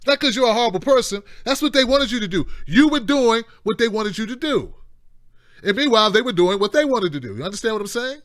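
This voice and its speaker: Emphatic high-voiced male call-in host. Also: lively intonation, fast, a bit bright, dry recording, clean studio sound. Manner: rambling, emphatic, mocking asides. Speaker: host of a live call-in show. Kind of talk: impassioned political commentary.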